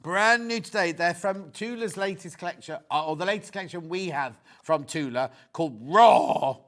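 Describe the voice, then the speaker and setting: A middle-aged man hosts a live shopping broadcast, talking in a somewhat high voice. He rambles through anecdotes and jokey asides between quoting prices. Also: moderate pace, bright, forceful tone. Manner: chatty, rambling, joking asides. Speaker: shopping channel presenter. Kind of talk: live TV sales chat.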